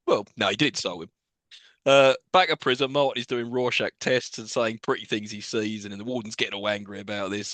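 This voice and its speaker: A man's voice: medium pitch, fairly bright tone, no echo. A man co-hosting a podcast, recapping a film in casual chat and laughing often as he goes. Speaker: podcast co-host.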